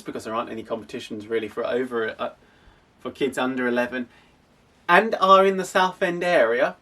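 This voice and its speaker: A man's voice: medium pitch, fairly bright tone, distant mic. A young man from an athletics club, explaining casually with frequent restarts. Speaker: athletics club coach and host.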